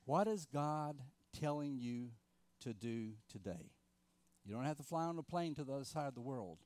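A middle-aged man preaching a sermon, earnest, with rhetorical questions, rising for emphasis and dropping to quiet asides. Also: medium pitch, expressive, normal speed, no echo. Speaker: pastor.

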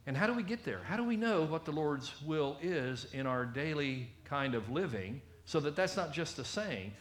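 Man, preacher, sermon, conversational, animated, roomy church echo. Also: on the high side, moderate pace, a little hiss or hum. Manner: conversational, animated, acts out quotes.

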